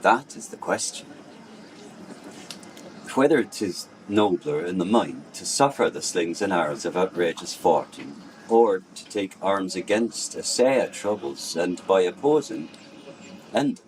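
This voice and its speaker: A man's voice: low voice, expressive, a little hiss or hum, rough recording. A man reciting as a brooding young prince. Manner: measured dramatic recitation. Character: brooding young prince weighing life and death.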